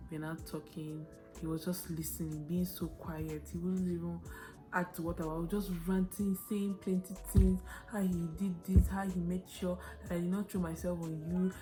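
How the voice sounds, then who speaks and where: A young Nigerian woman telling a story on her vlog, animated and dramatic, with quick shifts of pace. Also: lowish voice, soft background music. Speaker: vlogger.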